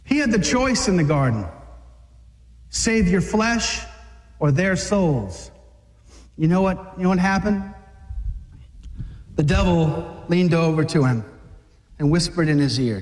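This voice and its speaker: A man preaching an impassioned sermon to a group of men, exhorting them and rising to shouts. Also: sits high, lively intonation, slow pace, pauses often, long reverb tail. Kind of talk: fiery sermon.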